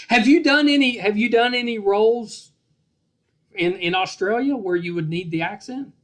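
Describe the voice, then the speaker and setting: A middle-aged man with a Virginian accent hosting a casual podcast interview over a video call, chatty and joking, often trailing off softly. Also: high voice. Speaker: podcast host.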